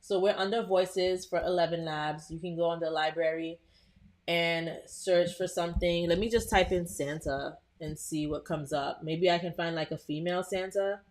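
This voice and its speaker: A woman hosting a live software tutorial, talking casually to her viewers with frequent "um" and "like" as she works. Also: fairly low pitch, steady tone, moderate pace. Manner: chatty, addresses viewers as "you guys", frequent "um" and "like". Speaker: host.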